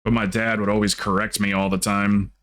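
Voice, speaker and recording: Smooth-voiced Southern man chatting casually. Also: on the low side, brisk. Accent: mild Southern US. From American South. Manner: relaxed, rambling storytelling. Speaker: streamer. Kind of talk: casual chat.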